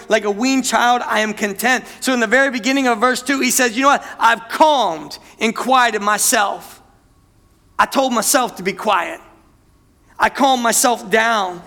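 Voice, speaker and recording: A man's voice: high-pitched, a bit bright. A man preaching a sermon, telling a candid personal story and calling out to the congregation as church. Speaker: pastor. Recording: long hall reverb.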